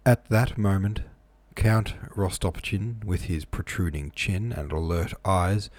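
A man's voice: low-pitched, fairly even intonation, slow, darkish tone. A man reading a novel aloud, plain with casual asides, close-miked in a small room. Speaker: reader.

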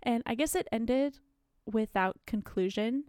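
A young woman with the hiccups co-hosts a podcast, speaking a little slowly in a slightly high, mellow, smooth voice. She chats casually and rambles with many fillers, on a dry, studio-quality recording.

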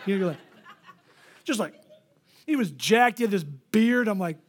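A man preaching a sermon as pastor, telling a story and acting out the people in it with lively energy. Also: high voice, normal speed, long pauses, a faint crowd. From Florida. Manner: animated, acts out the people in his stories.

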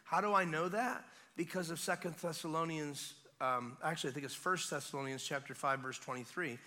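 A man preaching a revival sermon as guest preacher, retelling a scene in an animated way with casual asides. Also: a little high, fairly quick. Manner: animated storytelling, acting out scenes; conversational asides.

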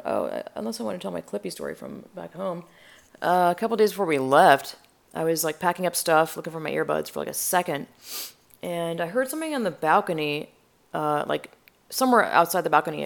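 A woman talks in a loose, casual way, swearing freely and circling back with fillers and restarts. Her voice sits on the low side, and a gravelly vocal fry runs through it. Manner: rambling, profane, full of fillers and restarts. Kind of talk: casual chat.

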